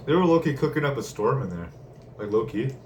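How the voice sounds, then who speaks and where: A man's voice: medium pitch, sing-song, fairly quick, a little mellow. A young man rambling casually with lots of slang and laughter while telling a story from his day. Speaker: vlogger. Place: room at home. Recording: distant mic, faint room noise.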